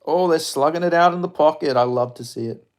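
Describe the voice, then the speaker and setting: A young man, a streamer, giving excitable, swearing commentary as he watches a live fight and chats with viewers. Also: a little high, fairly quick. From Australia. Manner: excitable, swearing, chatty reactions.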